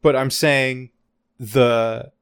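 A man chatting casually about a TV episode on a podcast, animated and quick to laugh, acting out lines from the show. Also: medium pitch, smooth, no echo, clean studio sound. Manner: animated, laughs often, acts out quotes. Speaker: podcast co-host. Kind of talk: casual TV recap chat.

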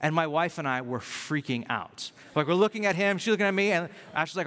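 A man preaching a sermon as a pastor, in a conversational, self-deprecating way with animated storytelling. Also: on the high side, a little fast, in a large hall.

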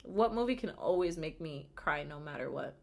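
A woman's voice: moderate pace, creaky, crowd noise. A young woman co-hosting a casual chat podcast with a friend, joking and playful. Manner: playful, animated, puts on squeaky old-lady voices. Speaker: podcast co-host.

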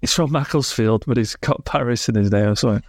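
Brief: male podcast co-host, loose chatty delivery, mid pitch, dry mic. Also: fast talker, no room sound. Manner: rambling, full of likes and laughs. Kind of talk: casual chat.

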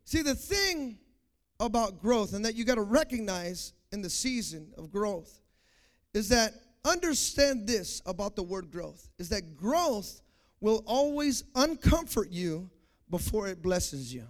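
A young man preaching a sermon to a congregation, repeating key phrases, calling for responses and swinging from quiet talk to shouts. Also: high-pitched, very animated, unhurried. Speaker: pastor.

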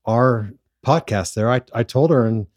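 A man's voice: mid-range voice, measured pace, darkish tone, no room sound. A man co-hosting a podcast who once worked as a school principal, speaking thoughtfully and often restarting his sentences. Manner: thoughtful, with frequent repeated starts. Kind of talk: casual chat.

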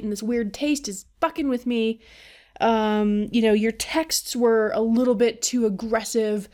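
A woman's voice: a little high, steady tone, takes it slowly, a little mellow. Blunt, profane woman ranting casually. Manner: blunt, profane, rambling with fillers. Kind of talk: casual rant to camera.

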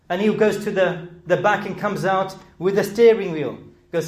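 A man's voice: high-pitched, normal speed, darkish tone, roomy sound. A middle-aged man with a British accent giving a sermon, asking earnest rhetorical questions and pressing to emphatic peaks. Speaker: speaker.

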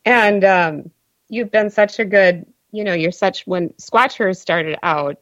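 A woman's voice: mid-range voice, slow pace, fairly bright tone, dry recording. A woman hosting a show who keeps affirming people and welcoming the guest with enthusiasm. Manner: enthusiastic, affirming, says "awesome" a lot. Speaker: host. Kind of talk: casual chat. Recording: dry, slightly dull.

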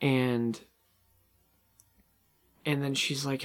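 A man's voice: a little high, expressive, measured pace. A man in casual chat about a film, retelling scenes animatedly and acting out the characters' lines. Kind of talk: casual movie discussion.

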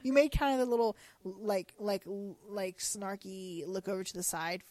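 A woman's voice: mid-range voice, moderate pace, darkish tone, dry recording. A woman co-hosting a podcast, chatting casually and reacting to her partner's recap. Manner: reacts with short comments and laughs. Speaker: podcast co-host. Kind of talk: casual chat.

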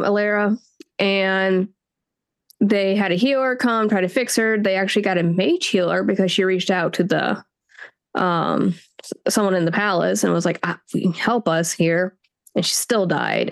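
A woman's voice: medium pitch, clear, resonant tone. Chatty woman co-hosting a book talk. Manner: chatty, acts out reactions in quoted voices. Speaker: book podcast co-host. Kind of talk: casual chat.

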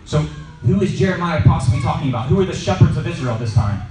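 A man with a slightly high voice talks fast while casually teaching a Bible study, spinning stories and asking the group questions with energy. Background noise is audible, and the far mic picks up an echoey room.

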